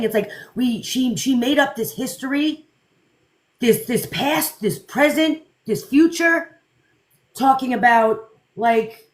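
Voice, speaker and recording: A young woman telling a story in a casual, animated way, with lots of fillers and quoted dialogue. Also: high-pitched, rough recording. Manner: chatty, animated, many fillers, repeats quotes. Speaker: social media creator telling a story. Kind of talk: casual storytelling on a live panel.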